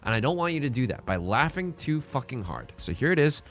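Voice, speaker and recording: A man streaming a mahjong game and bantering with his chat in a hyped, self-mocking way, building up jokes and reacting loudly to risky plays. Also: medium pitch, sing-song, a little fast. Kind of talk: live-streamed mahjong commentary.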